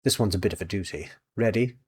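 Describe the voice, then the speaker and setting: A man voicing a brisk, wry older witch with a dry, breezy and decisive way of talking. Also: fairly low pitch, slightly rough.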